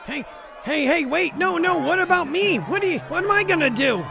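A man's voice: very high-pitched, expressive, a little fast, creaky, music in the background, a crowd in the background, pitched above the performer's own voice, heavily acted. A man voicing a flustered, pleading young adventurer in a game-world drama.

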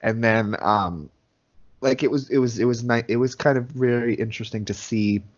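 A man's voice: mid-range voice, normal speed. A man co-hosting a podcast, chatting casually and a bit hesitantly about a horror film. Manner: laid-back, hesitant, brief replies. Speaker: podcast co-host. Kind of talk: casual movie review chat. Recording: dull lo-fi podcast audio.

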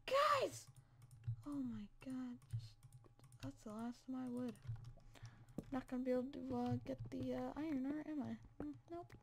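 A woman hosting a survival game let's play, excitable and quick to shout and laugh at her finds. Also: sits high, gravelly, background noise. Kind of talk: gameplay commentary.

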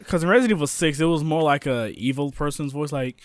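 A young man giving excitable, jokey let's play commentary, talking to his viewers. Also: on the high side, fast talker, no echo. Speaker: gaming YouTuber.

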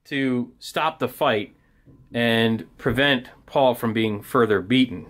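A man's voice: medium pitch, takes it slowly. A man teaching children a Bible story at a felt board, talking straight to the boys and girls and acting out the parts as he goes. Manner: animated storyteller, acts out soldiers and crowd.

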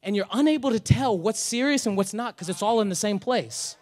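A male pastor preaching a sermon in a casual, energetic way, with humor and slang. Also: high voice, brisk.

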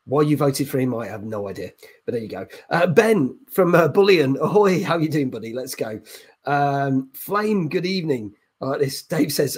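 Husky middle-aged man hosting from a hotel room. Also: mid-range voice, lively intonation. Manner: deliberately quiet, chatty, reading out chat messages. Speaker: gaming podcast host. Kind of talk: live-stream chat greeting viewers.

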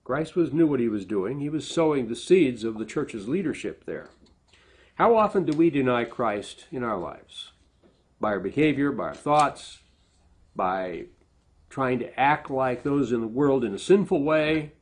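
A man's voice: medium pitch, unhurried, husky. A middle-aged man giving a sermon, earnest and often correcting himself, voice rising as he quotes speakers. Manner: earnest, self-correcting, animated when quoting. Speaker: pastor.

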